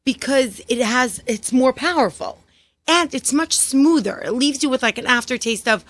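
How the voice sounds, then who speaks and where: A woman's voice: high-pitched, normal speed, no echo. A woman with a thick New York accent, a guest explaining her product in a casual chat. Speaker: guest, liqueur maker.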